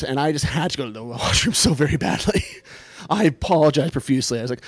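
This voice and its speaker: A man telling a comic personal story in a self-deprecating, animated way, building toward punchlines. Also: fairly high pitch, brisk, dry recording.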